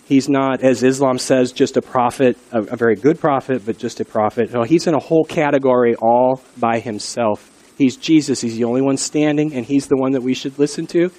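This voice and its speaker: Here a middle-aged man preaches with earnest, conversational warmth, sharing stories along the way. His mid-range voice moves a little quickly and sounds slightly mellow.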